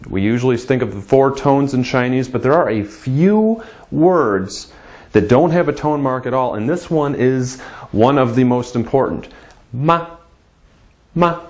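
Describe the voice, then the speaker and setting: A man teaching a casual spoken language lesson, patiently repeating phrases slowly for learners to copy. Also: mid-range voice, animated, darkish tone.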